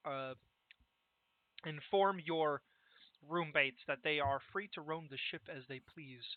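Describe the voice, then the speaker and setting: A stern, proud ship captain, played by a man in a tabletop game, formal one moment and rough and folksy the next. The voice is somewhat high and comes through a thin, phone-like line with a dry, close sound. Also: measured pace, no room sound, close to an everyday voice. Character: proud, gruff male ship captain who guards his reputation. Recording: tinny, dry voice-call audio.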